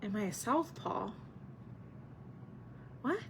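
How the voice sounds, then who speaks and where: A woman's voice: on the high side, lively intonation, slow pace, noisy background. A woman hosting a live craft stream, chatting casually with viewers and answering their comments while she paints.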